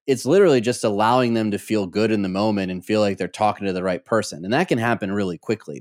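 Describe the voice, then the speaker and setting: A male podcast host asks his questions in a fluent, steady way. His voice runs fairly low. The sound is close and dry. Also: no echo. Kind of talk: interview questions and remarks.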